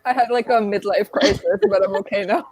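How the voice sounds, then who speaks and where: A woman's voice: mid-range voice, steady tone, fairly quick, a little mellow, dry recording. A young woman in a book club chat on a video call, ranting animatedly, swearing and laughing. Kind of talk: casual chat.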